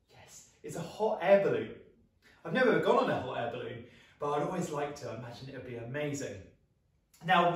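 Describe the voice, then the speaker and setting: A young British man leading a children's singing assembly, upbeat and encouraging as he guides vocal warm-ups and sound effects. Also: medium pitch. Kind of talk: lively music lesson for children. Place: small flat, echoey room. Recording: echoey room, mic at a distance.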